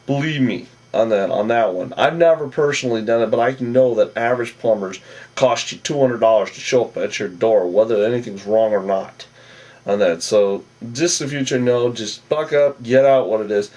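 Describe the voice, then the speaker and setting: A man's voice: mid-range voice, moderate pace, a little mellow, far from the mic, poor audio. A man giving a rambling, casual recap of a reality show episode, full of asides and self-corrections.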